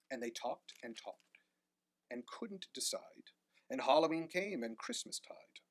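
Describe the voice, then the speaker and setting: A man reading a rhyming picture book aloud with animated delivery. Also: a little high, dry recording. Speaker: storyteller.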